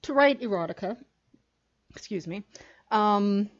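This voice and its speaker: A woman's voice: mid-range voice, expressive, unhurried, dull audio. A woman who writes erotica, talking frankly and animatedly as a podcast guest, with many fillers. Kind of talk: casual podcast chat.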